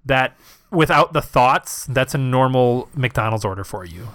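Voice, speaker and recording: A man's voice: mid-range voice, animated, unhurried, a bit bright, no room sound. Joking man co-host, dry close mic. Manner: joking, swears freely. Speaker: podcast co-host. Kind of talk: casual comedic chat.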